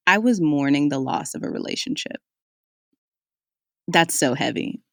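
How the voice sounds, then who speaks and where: A woman's voice: low-pitched, lively intonation, unhurried, creaky, a bit bright, no echo, clean studio sound. A young woman hosting a podcast, telling a personal story in a candid, conversational way and speaking straight to her listeners. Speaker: podcast host.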